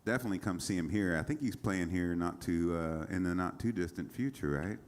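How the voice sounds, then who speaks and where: A man's voice: deep voice, fairly quick. A man telling rambling stories between songs on a small concert stage, with many fillers and chuckles. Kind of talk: casual onstage storytelling.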